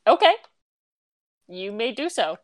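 A woman's voice: a little high, sing-song, takes it slowly, slight background noise. A woman narrating as game master of a tabletop game, casual and laughing often.

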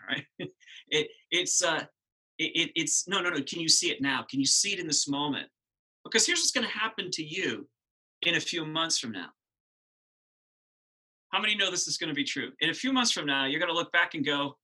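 A middle-aged male pastor preaching an Easter sermon, conversational and animated, often asking the congregation questions. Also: a little high, a little fast, pauses often, low-quality recording.

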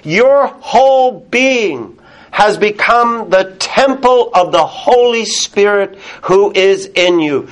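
High-voiced man preaching slowly. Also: expressive. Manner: earnest preaching with emphatic pauses and soft laughs. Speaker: pastor. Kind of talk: sermon.

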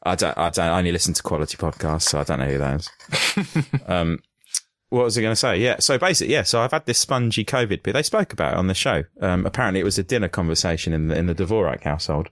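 A man's voice: low voice, animated, fast, a bit bright, no echo, clean studio sound. A man co-hosting a podcast, telling long, crude, jokey stories in a rambling casual way. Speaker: podcast co-host. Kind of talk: casual storytelling chat.

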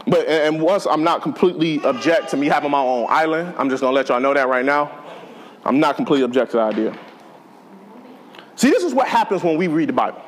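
A man preaching with a fairly high voice for a man, his tone bouncing up and down as he jokes and builds his points. He talks to the congregation like old friends, casual and lively. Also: fast talker, slight background noise. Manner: conversational, joking, animated preaching. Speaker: pastor. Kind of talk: sermon.

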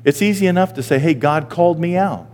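A man in his sixties, a pastor, preaching a sermon and telling stories, now and then jumping into high squeaky voices for the people he quotes. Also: lively intonation, fast, darkish tone, in a large hall, slight background noise. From Maine. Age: 60s. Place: church sanctuary.

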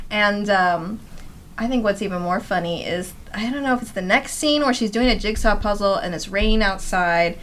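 A woman co-hosting a comedy podcast in relaxed, casual chat. She talks at a middling pitch, recapping film scenes eagerly and breaking into laughter often. Faint noise sits under her voice. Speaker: podcast co-host.

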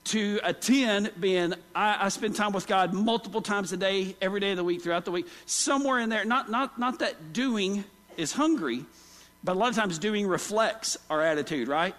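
A pastor preaching a sermon in a loose, conversational way, often calling out to the congregation. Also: male voice, high voice, moderate pace, a bit bright, long reverb tail. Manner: conversational, with many restarts and calls to the congregation. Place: church.

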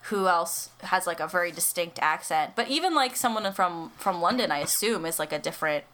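A woman's voice: fairly low pitch, expressive, fairly quick, bright, forceful tone. A young American woman co-hosting a casual podcast, chatty and giggly with lots of fillers and restarts. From United States. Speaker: co-host.

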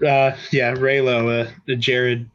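A man's voice: medium pitch, flat delivery, slow pace, fairly bright tone, muffled recording. A man co-hosting a casual podcast chat, talking upbeat and rambling with lots of fillers. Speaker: podcast co-host.

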